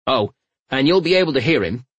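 A wry, patient father with an unhurried, understated delivery, read by the narrator close to his own voice. The sound is dry and close to the mic. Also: animated, breathy edge, no echo, muffled recording. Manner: low-key, wry.

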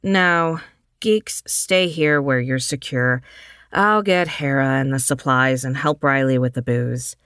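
A woman's voice: rumbling low, slow, a bit bright, clean tone, dry recording, studio quality, heavily acted. A woman doing a tough foul-mouthed protector. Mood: stern. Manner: blunt, threatening, swearing.

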